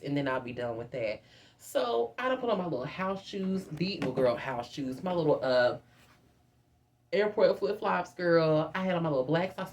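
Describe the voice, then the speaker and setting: A woman in her twenties telling a storytime in a chatty, animated way, constantly addressing her viewers as "girl.". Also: low voice. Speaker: vlogger. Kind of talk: casual storytime.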